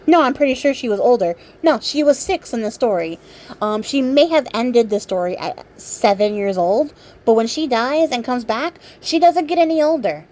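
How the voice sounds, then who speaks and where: A woman vlogger casually retelling a fairy tale, sarcastic and irreverent, swearing freely and filling pauses with ums. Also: a little high, warm tone. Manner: chatty, many ums and likes. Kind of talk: casual storytelling while crafting.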